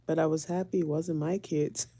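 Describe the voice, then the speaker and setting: A woman, a mother of four, telling everyday stories to the camera in an animated, laughing way. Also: sits low, normal speed, no room sound. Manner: animated, laughing, dramatic retelling. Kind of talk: casual storytelling vlog.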